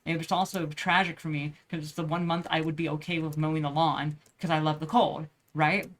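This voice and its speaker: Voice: mid-range voice, level tone, fairly quick. A young adult vlogger chatting casually while drawing, rambling with lots of swearing and restarts. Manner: rambling, profane, many restarts.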